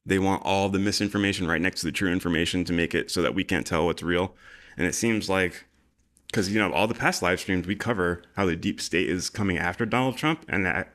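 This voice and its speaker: Deep-voiced casual man. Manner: loose, excitable, swears freely. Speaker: podcast co-host. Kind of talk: casual livestream chat.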